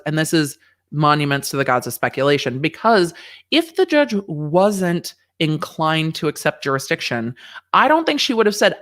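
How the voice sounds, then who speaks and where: A woman lawyer giving casual, candid livestream commentary on a court hearing, reading viewer questions aloud and swearing freely. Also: deep voice. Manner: candid, profane, reads chat questions aloud.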